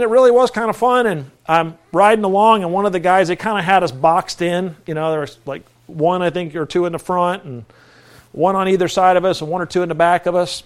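A man preaching in a conversational style, telling a personal story with lively energy. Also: on the high side.

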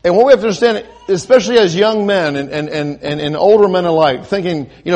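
Speaking fast in a high, somewhat mellow voice, this male preacher poses questions to his listeners and builds toward forceful peaks, frequently restarting sentences and repeating himself.

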